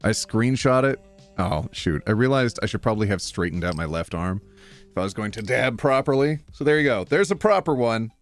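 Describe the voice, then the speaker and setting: A man chatting casually on a live stream, playful and quick to laugh as he thanks viewers. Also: lowish voice, expressive, soft background music. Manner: playful, reads donations aloud, laughs often.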